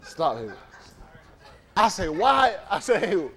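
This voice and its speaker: A congregation leader with a fairly high voice and moderate pace jokes around before the service in an indoor hall. He's animated, teasing people and telling stories in casual banter.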